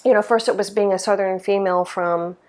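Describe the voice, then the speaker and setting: A woman's voice: medium pitch, fairly even intonation, a little fast, darkish tone. Thoughtful woman with many ums. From Mississippi, USA. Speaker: lighting designer, interviewee. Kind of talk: interview answers.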